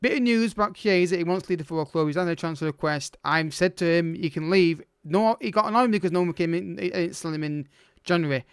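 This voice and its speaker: A man's voice: high voice, fast talker, clean tone, no echo, studio quality. A man commentating his own game as a let's play host, exasperated and urgent, calling out to the players.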